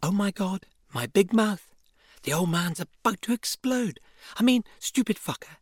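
A woman reading a first-person memoir aloud in a lively, wry, expressive way. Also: medium pitch, unhurried, slightly rough. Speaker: reader.

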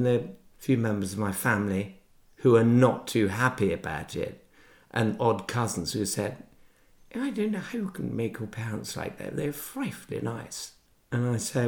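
A man's voice: on the low side, vocal fry, a little mellow. A man author talking frankly and ramblingly in an interview.

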